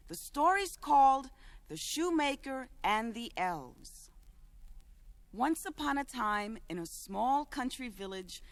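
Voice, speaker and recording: Brief: female children's storyteller, gentle, slightly high voice. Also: dry recording. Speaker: children's show host.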